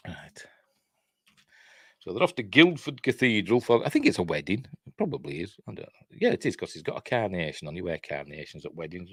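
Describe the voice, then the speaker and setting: Casting: a rambling, chatty Yorkshire film reviewer, deep voice, dry recording. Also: male voice, no echo. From Yorkshire, England. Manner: rambling, chatty, lots of fillers and chuckles. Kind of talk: casual film breakdown.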